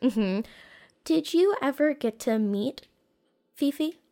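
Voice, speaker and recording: A woman's voice: sits high, expressive, slow, warm tone. A woman hosting a casual chat, asking curious questions and reacting eagerly.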